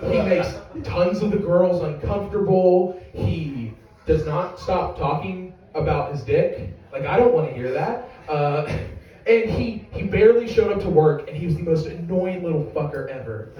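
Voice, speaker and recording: A man's voice: sits high, lively intonation, moderate pace, lo-fi sound. A young adult man doing stand-up comedy, telling a rambling, profane, self-mocking story to a live audience. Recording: echoey room from far off.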